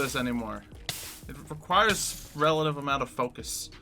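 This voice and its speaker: A man chatting casually to his stream audience while he plays. He rambles easily from topic to topic in a mid-pitched voice, with clear music playing behind him. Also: normal speed. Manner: relaxed, rambling, talking to chat between tasks. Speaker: game streamer. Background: background music.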